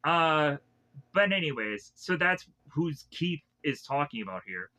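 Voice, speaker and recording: Bright-voiced rambling male anime reviewer. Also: fairly high pitch. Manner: rambling, loosely retells scenes with many restarts; acts out characters' lines in a quick, animated way. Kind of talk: casual episode recap.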